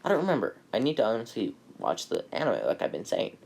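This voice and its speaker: Low-voiced man rambling through a fan story. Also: huge pitch swings, fast, gravelly, a little mellow, slight background noise. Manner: rambling, many fillers and restarts, self-correcting. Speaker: anime video maker.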